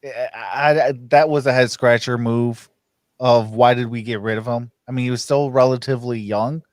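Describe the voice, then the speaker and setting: A man hosting a casual sports podcast, talking fast with frequent restarts and laughs. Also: mid-range voice, steady tone, no echo, clean studio sound. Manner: stammers and restarts, laughs often. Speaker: podcast host.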